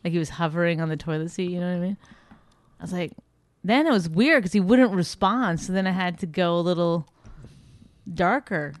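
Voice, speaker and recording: A middle-aged woman comedian spinning a story in casual conversation, her speech lively and a touch low-pitched. She leaps up high whenever she mimics someone else. The recording is dry and close. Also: a little fast, no echo. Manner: animated storyteller, acts out quoted people in a high voice. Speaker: podcast co-host and comedian.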